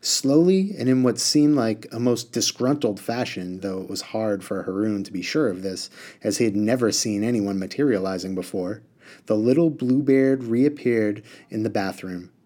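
A man reading a novel aloud and discussing it, in a measured, clear way. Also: lowish voice, dark tone. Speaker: book discussion reader.

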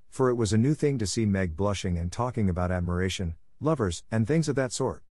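A male narrator reading a classic novel aloud in a steady, measured way. His voice sits low, and the recording is dry and close. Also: no room sound.

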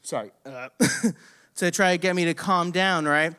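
A young man telling a story in a casual, profane, animated way, laughing often. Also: fairly high pitch, unhurried, smooth.

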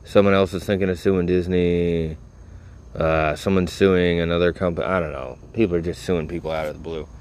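A man's voice: deep voice, steady tone, a little fast, a little mellow, slight background noise. A tired man rambling casually to his audience, laid-back and full of profanity. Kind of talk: casual rambling talk to camera.

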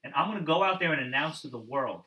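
A man's voice: fairly high pitch, animated, fast, pushed and bright, distant mic. A man talking casually about wrestling, sarcastic and mocking, often putting on quoted voices. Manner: sarcastic, mocks people with put-on quotes. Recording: roomy sound from off the mic.

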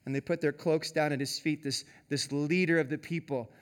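Male pastor, high voice, chatty animated sermon delivery. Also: a little fast. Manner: conversational, animated preaching with repeated "like".

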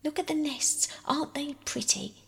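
A shrill, insistent little girl, quick to squabble, as a woman reading a storybook puts her on. The voice jumps well above a normal speaking pitch and stays on the edge of a whine. There is a slight gravelly fry underneath. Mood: eager. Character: bossy quarrelsome young girl.

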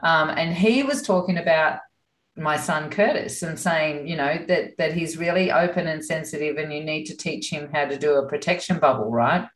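A woman telling a story as an interview guest. She talks in a chatty, animated way, laughs often and has a fairly low voice. The recording sounds echoey, as if made in a bare room. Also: moderate pace. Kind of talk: casual storytelling.

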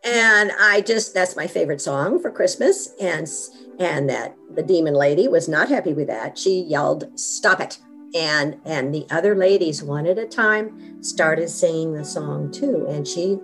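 A woman's voice: low voice, normal speed, few pauses, faint music behind. A middle-aged woman telling her own story as an interview guest, with earnest, vivid storytelling.

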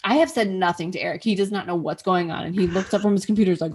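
A woman hosting a podcast, telling a story in casual chat, animated, swearing freely and acting out what she said. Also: on the low side, very fast, few pauses, slight background noise. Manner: animated, swears freely, acts out her own past remarks. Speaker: podcast host.

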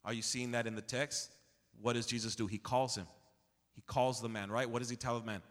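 A man pastor preaching an expository sermon with passion, swinging from low confiding tones to near-shouts and calling on the congregation to answer back. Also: steady tone, a little fast. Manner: calls out to the congregation for responses. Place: church sanctuary. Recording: long hall reverb in a church.

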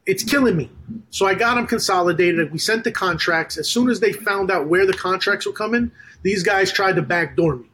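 A man's voice: high voice, fairly quick, slight background noise. A man, a business funder, telling a story in a casual podcast interview, rambling with restarts and acting out quoted conversations. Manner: animated storyteller who acts out quoted conversations.

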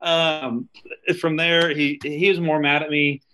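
A man's voice: a little high, little pitch movement, slow, bright, forceful tone, low-quality recording. A man, an army veteran, telling stories in a loose, casual interview, swearing freely and full of fillers and asides.

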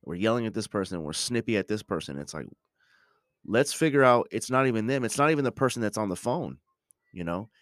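Deep-voiced man musing haltingly. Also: expressive, no room sound, studio quality. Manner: halting, many restarts and ums, reflective. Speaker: podcast host. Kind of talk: casual reflective monologue.

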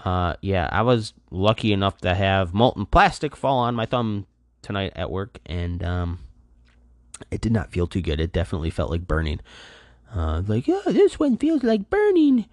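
A tired man hosts a casual solo podcast, rambling loosely in a deep, low voice and leaning on fillers as he goes. He sounds worn out. The recording is dry and close, with no echo. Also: normal speed. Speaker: podcast host. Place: apartment.

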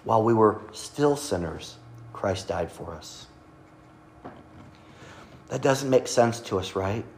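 A man's voice: on the low side, expressive, takes it slowly, slight background noise. A pastor giving a sermon in an earnest, conversational way, often restarting his words as he speaks. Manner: earnest, conversational preaching with repeated starts.

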